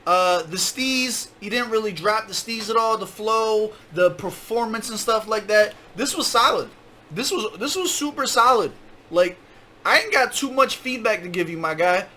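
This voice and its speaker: A man's voice: high voice, expressive, moderate pace, pushed and bright, slight background noise. A man reacting to a rap battle as host, casual and hyped, heavy on slang and "like.". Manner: casual slang, hyped, says "like" and "my guy" a lot.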